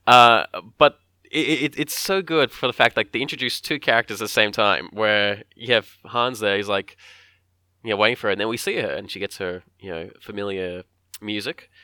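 A man casually talking through a film scene by scene, often acting out characters' lines in quick voices. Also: on the low side, pushed and bright, smooth, no echo, studio quality.

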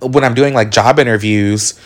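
A man's voice: medium pitch, normal speed. A man in his twenties hosting a solo podcast, talking in a rambling, candid way full of swearing and side stories. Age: 20s. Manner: rambling, candid and profane, with mimicked voices. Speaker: podcast host. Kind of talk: casual solo podcast monologue.

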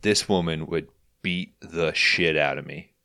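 A man in casual chat, telling crude, animated stories about the dentist. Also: extremely low pitch, unhurried, clean tone, no echo, studio quality. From St. Louis.

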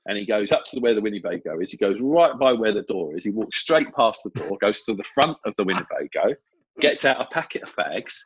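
A man, a film assistant director telling lively, casual anecdotes and acting out the voices he quotes. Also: lowish voice, fairly quick, slightly rough, no room sound. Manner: lively storyteller who acts out quoted voices. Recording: dull, dry lo-fi audio.

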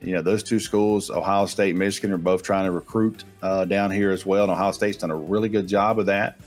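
A man's voice: low-pitched, fairly even intonation, brisk, soft background music. A man, a guest analyst confidently rattling off football names and stats. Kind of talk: casual sports talk.

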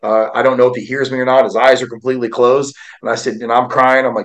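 A man's voice: medium pitch, little pitch movement, quick pace, hardly any pauses, rough recording. A man in his forties, a podcast guest, telling an emotional personal story with an earnest, heartfelt delivery. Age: 40s.

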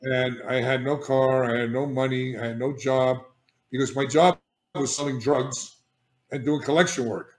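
An older man recounts his own past with blunt, emphatic energy, stopping to check in with his listener and restarting his sentences as he goes. His voice sits at an ordinary middle pitch. The room around him rings with a noticeable echo. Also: moderate pace. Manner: animated and emphatic, frequent restarts and "all right?" check-ins. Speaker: guest, addiction therapist. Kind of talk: candid personal storytelling. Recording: echoey room.

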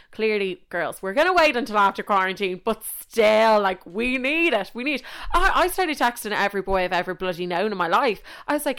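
Smooth-voiced animated Irish woman. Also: mid-range voice, brisk, few pauses. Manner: animated, chatty, swears freely, gets carried away. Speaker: podcast host. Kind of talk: casual chat.

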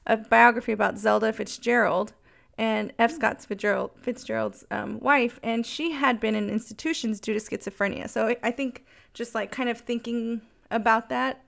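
A woman's voice: on the high side, steady tone, normal speed, creaky, fairly bright tone. A woman co-hosting a podcast, chatting casually about songs with lots of filler words. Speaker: podcast co-host.

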